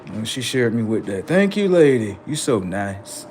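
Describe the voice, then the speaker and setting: A man's voice: lowish voice, very animated, unhurried, darkish tone, a little hiss or hum. A man on a live stream, chatting casually and swearing, then lecturing his viewers insistently about number codes.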